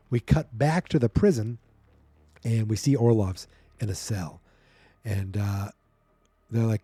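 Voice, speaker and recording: Podcast guy rambling through a comic recap, super dark mellow voice, kinda husky. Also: on the low side, measured pace, pauses often, dry recording. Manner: rambling, chatty, acts out scenes. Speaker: podcast host. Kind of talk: casual comic-book recap.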